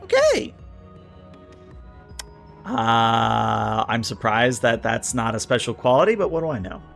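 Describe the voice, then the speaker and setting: This man reviews a tabletop RPG book on a livestream in casual commentary, his mid-range voice fairly bright with vocal fry and a moderate pace over soft background music. He reads each entry aloud, riffs on it while thinking aloud, and chats back to his audience, often using fillers and restarting sentences.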